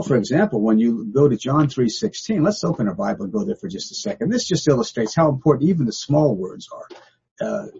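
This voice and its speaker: An older man leads an informal Bible study lesson in a relaxed, folksy style, stressing key words hard and repeating them to drive his point home. His voice is deeply husky and mellow, captured on a dull, lo-fi recording.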